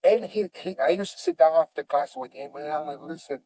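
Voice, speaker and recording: Animated man in broken English. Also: on the high side, brisk, husky, no echo. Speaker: jiu-jitsu master, guest. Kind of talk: storytelling in conversation.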